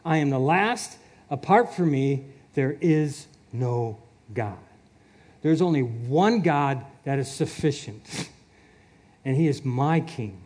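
Man preaching, high voice, slow delivery, earnest, chuckles now and then. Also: a little mellow, breathy edge. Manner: earnest, chuckles often, repeats words. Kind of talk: sermon.

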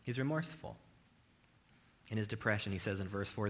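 A man's voice: mid-range voice, expressive, normal speed. A male pastor giving a conversational sermon in a church, with frequent rhetorical "right?" asides. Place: church with video cameras.

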